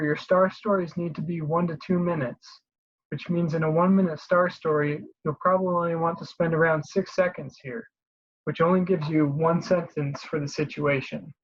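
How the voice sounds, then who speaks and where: A presenter giving an instructional voice-over, explaining each step steadily and clearly with a few small restarts. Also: medium pitch, lo-fi sound. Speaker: career advice presenter.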